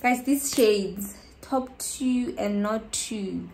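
Tired, excitable woman vlogger from South Africa. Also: a little high, drawn-out words. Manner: chatty, excitable, drops to whispers. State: tired, out of breath. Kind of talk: casual vlog haul.

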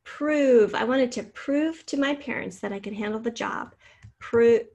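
Husky woman teaching a spelling lesson. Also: on the high side, unhurried, a little mellow. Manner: clear, patient, sounding out syllables and letters.

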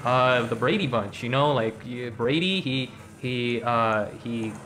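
A man's voice: medium pitch, a little slow, fairly bright tone, slight background noise. A young man streaming a mobile game, joking and rambling with lots of fillers and slang. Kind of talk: casual gacha stream commentary.

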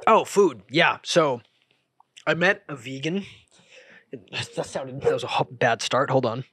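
A young man hosting a solo podcast, rambling and interrupting himself, jumping between loud remarks and mumbled asides. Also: mid-range voice, measured pace, slightly rough, dry recording. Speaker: podcast host.

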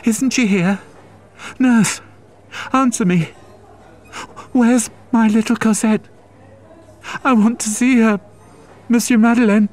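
Shrill desperate young mother, frantic, storybook reading. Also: steady tone, takes it slowly, long pauses, a little mellow.

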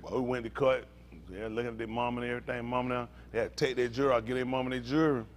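Animated man preaching with stories. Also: medium pitch, quick pace, a little hiss or hum. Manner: animated, laughing storytelling with Southern slang. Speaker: pastor. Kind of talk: storytelling sermon.

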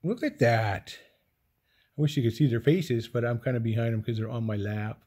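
A man filming his cats at home on his lap, chatting softly and affectionately to them and his viewers in a casual way. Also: mid-range voice, fast talker, slightly rough. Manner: soft, affectionate, talks to the cats in baby talk. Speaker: cat owner vlogger. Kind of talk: casual home video chat to pets and viewers.

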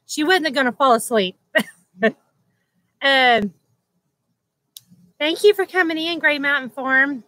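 A woman's voice: sits high, bright, forceful tone, no room sound, low-quality recording. A woman hosting a casual livestream chat at home, greeting viewers by name and laughing often. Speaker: livestream host. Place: at home beside a loud air conditioner.

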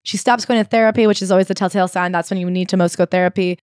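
A woman's voice: medium pitch, steady tone, rapid-fire, darkish tone, dry recording. A woman co-hosting a comedy book podcast, recapping a memoir with sarcastic asides and dry read-aloud passages. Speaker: podcast co-host.

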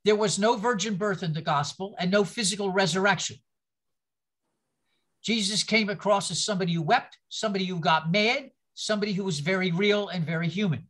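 A church history teacher gives a loose, conversational lecture, drifting into stories and asides and often restarting sentences. The voice is bright and forward, sitting at an ordinary middle pitch. It sounds like a class held in a church room. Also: fairly quick. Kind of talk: informal lecture with anecdotes.

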